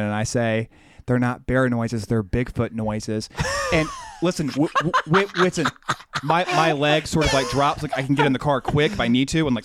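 A man co-hosting a podcast, telling a rambling, animated anecdote full of quoted dialogue. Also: medium pitch, no room sound, studio quality. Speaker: podcast co-host. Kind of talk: casual storytelling.

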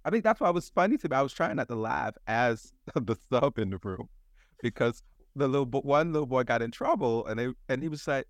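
A man, a guest on a podcast, telling funny stories from his teaching in a lively way, laughing along. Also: mid-range voice, a little fast, dry recording, studio quality. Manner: lively storyteller, laughs while telling anecdotes. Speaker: guest, photographic artist and substitute teacher. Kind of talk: casual chat.

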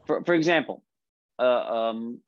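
This rabbi's mid-range voice moves at a measured pace as he teaches an informal religious class, telling stories, often starting over and asking his listeners questions. There's no room sound, though the recording is slightly muffled with faint noise.

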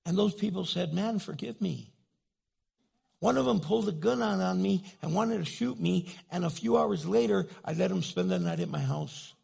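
Gravelly, husky man preaching; self-mocking storyteller, acts out the scenes. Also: high-pitched, brisk, hardly any pauses, warm tone. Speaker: pastor. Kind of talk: sermon.

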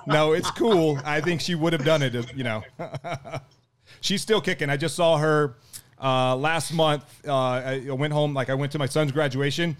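A middle-aged man, a podcast guest, tells a story in casual chat. He talks in an animated way, laughs often and acts out what people said. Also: fairly high pitch, moderate pace, clear, resonant tone.

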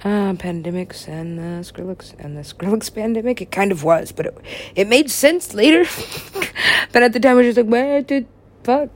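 A woman's voice: medium pitch, animated, moderate pace, slight background noise. A woman in casual chat, rambling and swearing freely. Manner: profane, rambling.

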